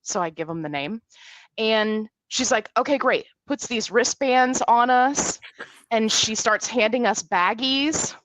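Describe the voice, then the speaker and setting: Animated woman in her forties telling a story. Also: on the high side, slow, no room sound. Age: 40s. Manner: animated storyteller, acts out quotes. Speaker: guest. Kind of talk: casual storytelling in a podcast interview.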